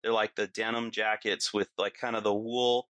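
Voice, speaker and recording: Bright-voiced man telling a story. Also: lowish voice, little pitch movement, moderate pace, dry recording. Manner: vivid, lots of fillers, acts out his own yelling. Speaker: podcast guest. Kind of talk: casual storytelling.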